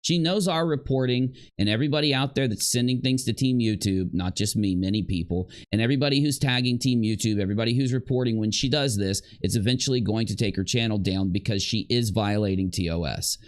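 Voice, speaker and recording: A man's voice: on the low side, fast, hardly any pauses. A man hosting a commentary channel, emphatically breaking down clips and repeating his points. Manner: emphatic, repetitive, mimics the woman in quotes. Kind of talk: drama commentary, analyzing clips.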